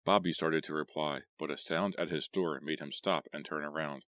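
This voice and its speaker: A man reading a horror audiobook in a measured, steady way. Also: a bass voice, dry recording. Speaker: audiobook narrator. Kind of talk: scripted horror audiobook narration.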